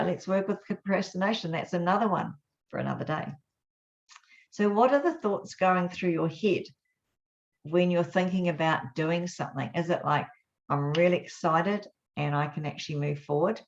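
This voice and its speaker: A woman hosting a motivational live talk, speaking in an earnest, reflective way with gentle pauses. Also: on the low side. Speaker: host. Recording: dull lo-fi sound.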